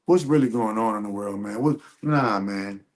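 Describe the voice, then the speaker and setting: A man giving casual, profane reaction commentary on a video, reading search results aloud between loud, animated remarks. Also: on the low side, normal speed.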